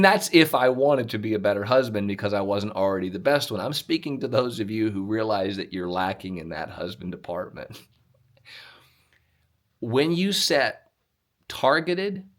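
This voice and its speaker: Middle-aged man, host, casual motivational talk, deadpan self-mocking asides, medium-pitched voice. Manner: dry, self-mocking humor.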